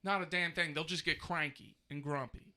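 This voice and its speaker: A man's voice: a little high, moderate pace. A man in his thirties co-hosting a casual comedy podcast, ranting with lots of swearing. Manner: animated, profane ranting. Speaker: podcast co-host.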